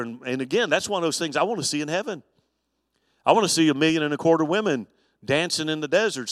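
A man's voice: a little high, no echo, clean studio sound, long reverb tail. Folksy pastor man teaching Bible study. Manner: folksy, animated storytelling with humor.

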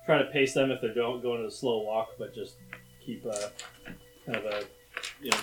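A man's voice: mid-range voice, fairly even intonation, moderate pace, loud music behind the voice, poor audio. A man playing a tabletop game, casually thinking aloud with hesitations and fillers. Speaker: player.

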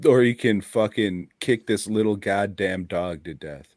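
A man's voice: lowish voice, unhurried, darkish tone, no room sound. A man co-hosting a casual podcast who talks bluntly, swears constantly and laughs often. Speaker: podcast co-host.

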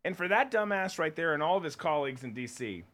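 A man's voice: fairly high pitch, lively intonation, fast, a bit bright. A man co-hosting a podcast, ranting bluntly and sarcastically in political commentary. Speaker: podcast co-host.

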